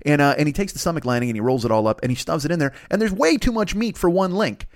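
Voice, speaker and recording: A man's voice: on the high side, expressive, fast talker. A man hosting a comedy podcast, improvising a rambling, profane story. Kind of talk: improvised comic rant.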